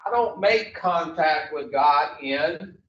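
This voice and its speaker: A man with a slightly high voice leads a recovery class in an unhurried, blunt, salty way, firing questions at the group. He sounds far from the mic in an echoey classroom, and the recording is dull and lo-fi. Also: animated, fairly bright tone, a little hiss or hum. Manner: blunt and profane, quizzing the class. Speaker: addiction recovery instructor. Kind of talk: classroom teaching with call-and-response.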